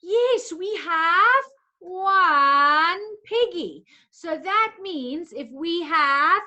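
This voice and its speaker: A woman's voice: extremely high pitch, animated, extremely slow, bright, forceful tone, lo-fi sound. A woman teaching a lesson to young children in a coaxing, sing-song way, making animal sounds along the way.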